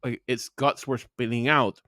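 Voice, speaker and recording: A man hosts a casual podcast chat and tells crude, rambling stories packed with filler words. His voice sits at a middle pitch and sounds close and dry, with no room echo. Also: measured pace. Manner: animated, pitch rising when excited. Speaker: podcast host.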